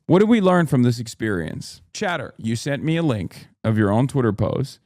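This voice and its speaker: A man's voice: mid-range voice, sing-song, normal speed, hardly any pauses, darkish tone, no room sound, studio quality. A man in his thirties chatting casually on a livestream, blunt and profane, ranting at his chat. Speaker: streamer.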